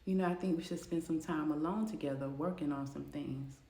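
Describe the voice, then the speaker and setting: A woman voicing a smooth-talking male boss who flatters and pushes, in a soft, gushing way. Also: sits low, a little fast, voice pushed down. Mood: insinuating. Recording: roomy echo.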